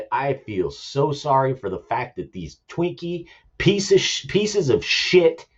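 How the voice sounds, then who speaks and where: This American man, an army veteran who hosts his own show, has a mid-range, slightly rough voice captured in lo-fi sound. He rants about politics passionately and repetitively, swearing for emphasis.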